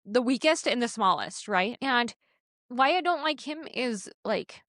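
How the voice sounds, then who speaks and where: Chatty, animated woman podcast host. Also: fairly high pitch, measured pace, no echo, studio quality. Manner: chatty, animated, lots of filler words. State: sick. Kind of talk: casual chat.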